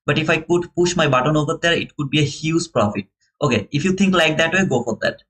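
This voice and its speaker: A man's voice: fairly high pitch, quick pace, a bit bright, low-quality recording. A young man with a non-native English accent, talking viewers through his live trades in a casual, earnest way and calling them brother. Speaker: live-stream futures trader and host. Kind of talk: casual live trading commentary.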